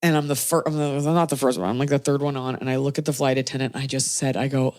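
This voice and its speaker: Low-voiced woman hosting a chatty podcast. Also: fast talker, few pauses, no echo. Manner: animated, acts out quotes in shifting voices. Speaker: podcast host. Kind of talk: casual chat and storytelling.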